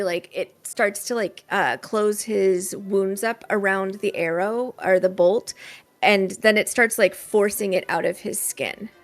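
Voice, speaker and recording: A woman's voice: mid-range voice, vocal fry. Easygoing woman narrating a tabletop game. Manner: relaxed, with many fillers and hedges. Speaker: game master.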